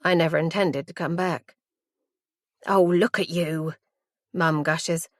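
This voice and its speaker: A woman narrating a first-person audiobook in a measured, intimate and reflective way. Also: mid-range voice, dry recording, clean studio sound.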